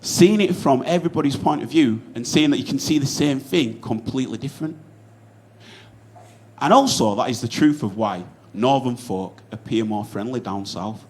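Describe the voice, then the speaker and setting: A man's voice: mid-range voice, expressive, moderate pace, darkish tone. A young man with a Yorkshire accent doing a stand-up comedy set on stage, swearing freely and rambling through anecdotes full of asides. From Yorkshire, England.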